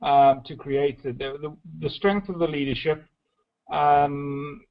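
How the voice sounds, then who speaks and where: A man's voice: on the high side, fairly even intonation, slow, slight background noise. A man from South Wales, a guest answering questions on a call, speaking hesitantly and searching for words. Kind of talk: interview on a call. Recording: dull, lo-fi call audio.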